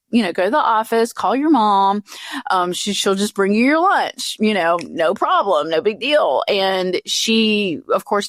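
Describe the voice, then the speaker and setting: Woman, 50s, podcast host, lowish voice, halting reflective storytelling, dry close mic. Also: dry recording. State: tearful, voice breaking high. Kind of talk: personal storytelling.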